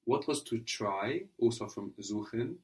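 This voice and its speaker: A man's voice: mid-range voice, lively intonation, measured pace, darkish tone. Patient man teaching a spoken language lesson. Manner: patient, repeats answers and explains grammar step by step.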